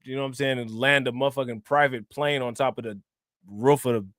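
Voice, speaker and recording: A man's voice: mid-range voice, steady tone, fast talker, fairly bright tone, no echo, studio quality. A man hosting a crypto livestream in casual chat, joking, laughing and slangy. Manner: joking, laughing, slangy, repeats "you know what I'm saying".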